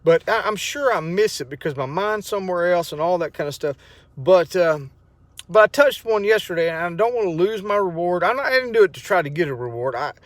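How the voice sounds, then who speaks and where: Middle-aged man, vlogger; heartfelt, halting storyteller, fairly high pitch, dry close mic. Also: expressive, no room sound. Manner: rambling, emotional storytelling with many restarts. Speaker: vlogger sharing a testimony. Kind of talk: casual spoken testimony.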